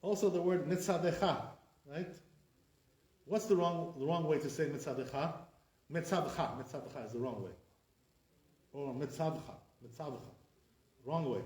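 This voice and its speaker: A man's voice: fairly high pitch, moderate pace, long pauses, darkish tone. A man teaching as a rabbi, correcting pronunciation and drilling words with rhetorical questions. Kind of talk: classroom lesson. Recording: echoey room sound.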